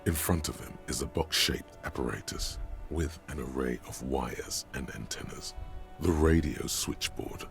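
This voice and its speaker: A gravelly, deep game narrator. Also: male voice, over music, heavily acted. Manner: measured descriptive narration. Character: inner-voice narrator of a detective game.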